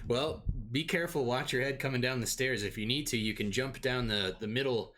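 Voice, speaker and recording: A man playing an eager young deckhand on a tabletop adventure ship, raised well above the player's own low voice, friendly and rambling, stumbling through his welcome with little pauses and restarts. Light, a bit boyish and keen. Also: fairly bright tone, a little hiss or hum, close to an everyday voice.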